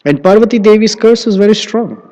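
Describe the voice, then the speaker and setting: Man, preacher, animated storytelling sermon, slightly high voice, temple hall, long reverb. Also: brisk, highs cut off. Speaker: temple speaker.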